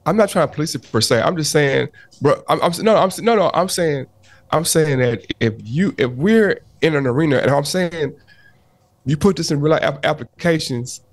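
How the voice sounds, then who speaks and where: A man's voice: a little high, normal speed, dry recording. A man co-hosting a podcast, arguing his point in casual chat, often restarting and cutting in to hold the floor. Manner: animated, restarts often, repeats "hold on" to cut in. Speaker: podcast co-host.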